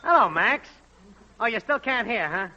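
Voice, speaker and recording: A man's voice: sits high, expressive, moderate pace, full character voice. Brassy wise-guy radio technician. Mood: bossy. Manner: loud brassy wise-guy patter, repeats a singsong test call. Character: brash wisecracking male network technician. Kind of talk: 1940s radio comedy acting. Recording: dull old radio broadcast with faint hiss.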